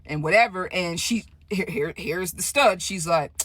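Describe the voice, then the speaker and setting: Profane, animated woman telling a story. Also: lowish voice, moderate pace, no echo. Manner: animated, profane, keeps asking "right?". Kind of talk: casual storytime vlog.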